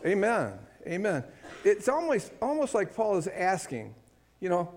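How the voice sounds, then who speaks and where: His voice sitting high and swinging hugely in pitch, a man preaches at a measured pace, urging the congregation to say amen. The recording comes from a hall with long reverb.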